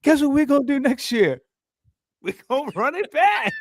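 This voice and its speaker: A man mimicking a hyped-up male pro wrestler, boasting loudly through laughter. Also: big pitch swings, moderate pace, no room sound. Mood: gleeful taunting. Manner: loud, laughing, high-pitched boasting.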